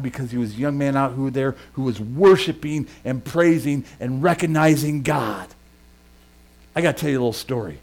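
A middle-aged male pastor preaching and telling a lively personal story, shouting and laughing at its peaks. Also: mid-range voice.

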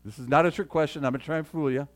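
A man's voice: on the high side, very fast. A middle-aged man preaching a sermon as a pastor, asking the congregation questions and reading scripture aloud with rising emphasis. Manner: animated preaching with call-and-response, reads scripture aloud.

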